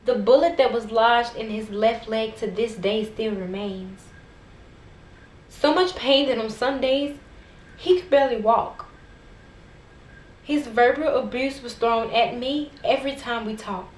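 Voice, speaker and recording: A woman's voice: fairly high pitch, unhurried. A woman giving a dramatic, rhythmic spoken word poetry performance that swells to impassioned intensity. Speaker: poet. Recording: echoey room with faint background noise.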